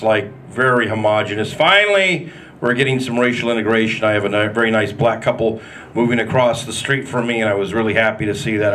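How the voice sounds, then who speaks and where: A man's voice: medium pitch, bright, forceful tone, slight background noise. A man doing a live stand-up set at a comedy club, with a wry, self-deprecating, punchy delivery into a handheld mic.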